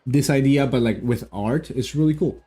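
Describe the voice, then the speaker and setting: A man with a mellow, darker voice rambles casually while reacting to a game's story. He jokes, restarts his sentences and chuckles often. Faint game music plays beneath him. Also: mid-range voice, normal speed. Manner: rambling, joking, frequent restarts and laughs. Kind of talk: casual gameplay commentary.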